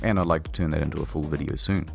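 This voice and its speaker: A man's voice: a bass voice, fairly even intonation, racing, gravelly, faint music behind. A man giving a scripted, comedic narration with a dry, sarcastic delivery. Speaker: video essay narrator.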